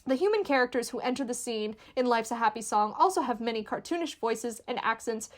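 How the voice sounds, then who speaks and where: A woman reading a scripted video essay in a clear, measured, explanatory way. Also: on the high side, lively intonation. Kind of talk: scripted narration.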